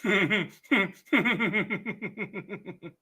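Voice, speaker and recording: Hoarse from a cough, a livestream host with a mid-range voice and a sharp tone teaches a casual lesson. The delivery is slow and deliberate, punctuated by frequent throat-clearing.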